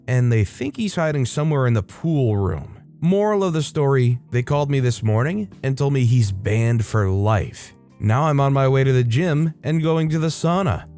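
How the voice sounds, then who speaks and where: A man's voice: medium pitch, darkish tone. A man reading online stories aloud, adding casual, chatty commentary between them. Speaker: story narrator.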